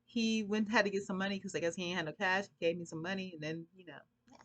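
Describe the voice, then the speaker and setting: A woman's voice: mid-range voice, fairly even intonation, quick pace, a bit bright. A woman vlogging, telling a long casual story in a rambling, chatty way and laughing often.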